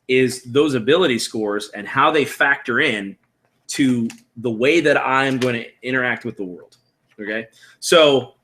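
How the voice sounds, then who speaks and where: Bright, casual male host in his thirties; explains rules to a live chat. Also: mid-range voice. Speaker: tabletop game host. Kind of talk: live-streamed tutorial chat.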